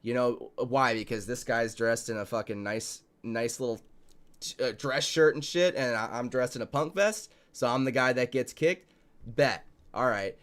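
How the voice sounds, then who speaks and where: A man's voice: mid-range voice, normal speed, a bit bright. A man hosting a casual podcast chat, telling stories with heavy swearing and emphatic delivery. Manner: profane, emphatic, storytelling. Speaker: show host and promoter.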